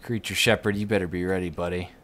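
A man casually commenting while he plays a video game, chatty and quick to yelp when startled. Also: low voice, steady tone, a bit bright. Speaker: gamer playing through a game. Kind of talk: casual let's-play commentary.

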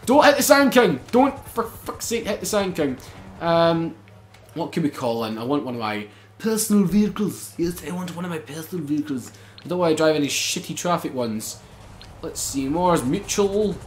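A man commentates his gameplay in a high, lively voice that leaps all over the place. He is excitable, swears freely and keeps breaking into laughter. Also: moderate pace, a little hiss or hum. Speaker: gaming channel host.

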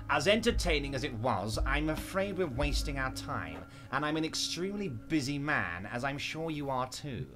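An actor playing a large, genial but scheming male union boss in a video game, talking in a smooth, reassuring, faintly condescending way. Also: medium pitch. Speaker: game character.

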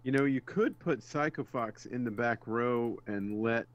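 A man chatting as a guest co-player over a game, lively and jokey, now and then putting on silly voices. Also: mid-range voice, unhurried. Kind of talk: casual gameplay chat. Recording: muffled lo-fi mic with faint hum.

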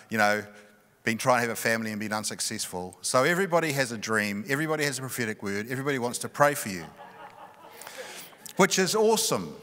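A middle-aged male pastor telling a personal story in a sermon, animated and often laughing. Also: medium pitch. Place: large church hall. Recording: long reverb of a church hall.

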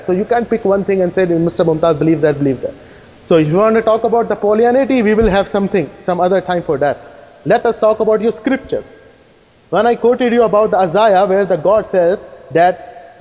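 A man giving a fast, insistent debate rebuttal, firing challenging questions at his opponent. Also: high-pitched, a little mellow. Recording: echoey hall reverb.

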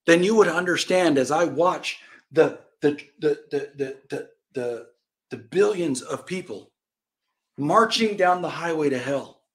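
Animated male preacher teaching Bible lesson. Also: fairly high pitch, unhurried. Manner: animated storytelling, acts out quoted voices, swings from loud cries to quiet asides.

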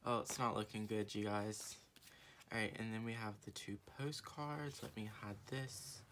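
Young woman vlogger, very low voice, rambling casual unboxing chat, gushing fan. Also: moderate pace, a little hiss or hum. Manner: chatty, rambling with many fillers and restarts; gushing fan, swings from low murmuring to excited squeals. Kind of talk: casual unboxing haul vlog.

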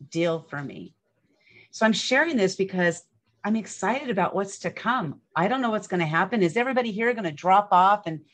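A woman in her fifties hosting an event, speaking candidly and enthusiastically in a casual motivational talk, often repeating herself. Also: fairly low pitch. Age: 50s. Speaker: event host.

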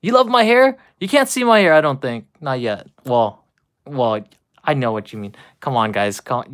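A man's voice: mid-range voice, animated, normal speed, a bit bright. A man opening trading card packs on a live stream, chatting and laughing with his viewers, a little out of breath. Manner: laughing, chatty, talks straight to chat. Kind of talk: casual live stream chat.

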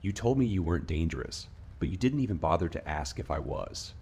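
Deep-voiced guy doing a creepy calm young woman, soft and even, horror story read aloud. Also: brisk, gravelly, slightly rough, heavily acted. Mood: sly.

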